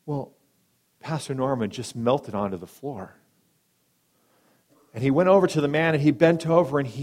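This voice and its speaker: A man preaching a sermon and telling a story, dramatic, swinging between loud emphatic lines and hushed soft ones, briefly acting out the people in it. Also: medium pitch, moderate pace, long pauses. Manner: acts out quoted speakers in brief voices.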